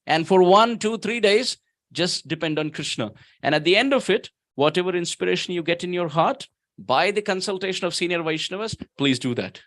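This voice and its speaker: A man preaches at a temple in a high, ringing voice. He tells stories with emphasis and slows right down to chant verses. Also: animated, a bit bright. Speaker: guest speaker at temple. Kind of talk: sermon.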